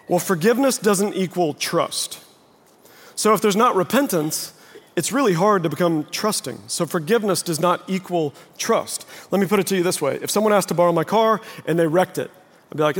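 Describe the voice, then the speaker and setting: A male pastor in his forties preaching a sermon, animated in his storytelling, acting out what people say, then praying in a soft, low voice. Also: brisk. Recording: long reverb from a large hall.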